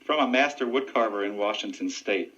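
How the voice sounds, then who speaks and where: Man, low voice, earnest and steady, radio interview, muffled lo-fi audio. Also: brisk. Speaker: deputy sheriff and ventriloquist.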